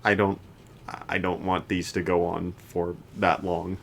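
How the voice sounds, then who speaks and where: Low-voiced man rambling casually. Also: flat delivery, a little slow, vocal fry, slight background noise. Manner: rambling, many restarts and fillers. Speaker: podcast co-host. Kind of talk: casual chat about anime.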